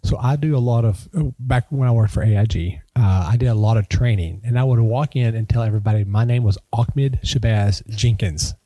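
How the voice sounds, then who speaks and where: A man's voice: on the low side, a little fast, hardly any pauses, mellow, no room sound. A man hosting a podcast in casual chat, effusive and laughing often. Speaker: podcast host.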